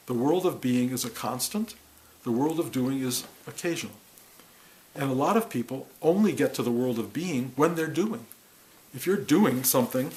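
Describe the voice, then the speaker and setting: A middle-aged man teaching about awakening in a musing, reflective way, repeating words and breaking into animated bursts. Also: medium pitch, poor audio. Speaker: spiritual teacher. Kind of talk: reflective spiritual talk.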